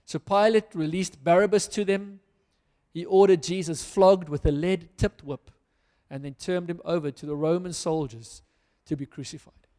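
High-pitched guy preaching a sermon, reads scripture then drives it home, big echoey church hall. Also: steady tone, normal speed, mellow. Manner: earnest, reads scripture then applies it to listeners. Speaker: pastor.

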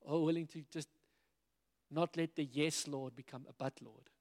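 A man preaching a sermon in a lively way, acting out the dialogue of biblical figures as he retells the stories. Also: fairly high pitch, moderate pace. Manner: animated, acts out biblical dialogue in quoted voices. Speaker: pastor. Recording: long hall reverb.

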